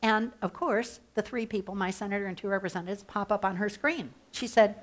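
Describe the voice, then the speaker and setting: A woman leading an advocacy training workshop, talking with playful humor and mock excitement through a headset mic. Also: mid-range voice, brisk. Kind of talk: workshop presentation. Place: training room.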